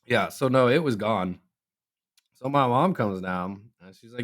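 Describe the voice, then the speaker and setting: At a moderate pace, a young man co-hosting a podcast narrates a story in a laid-back, everyday way. He brings quoted people to life by leaping up in pitch, then eases back into his own tone, keeping things animated.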